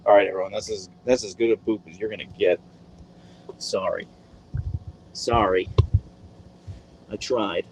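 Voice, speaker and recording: Man, live-stream host, lowish voice, casual rambling chat, boom mic. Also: fairly even intonation, a little slow, pauses often, slight background noise, poor audio. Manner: rambling and friendly, full of fillers. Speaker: livestream host.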